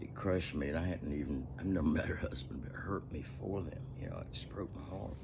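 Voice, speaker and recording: A man's voice: low voice, fairly quick, creaky, background noise. A man vlogging outdoors in a rambling, heartfelt way, full of "you know" fillers. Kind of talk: casual outdoor vlog talk.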